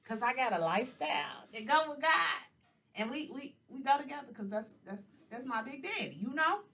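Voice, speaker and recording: Sassy, animated woman podcast host. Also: sits high, normal speed, far from the mic. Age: 40s. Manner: animated and sassy, talks straight to listeners. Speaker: podcast host and life coach. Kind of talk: casual podcast monologue.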